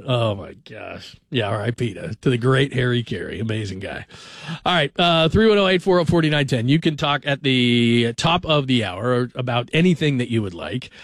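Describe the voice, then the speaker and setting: A man's voice: mid-range voice, expressive, moderate pace, no echo. A man in his forties hosting a sports radio show, telling joking stories in a chatty, casual way. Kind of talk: casual talk radio monologue.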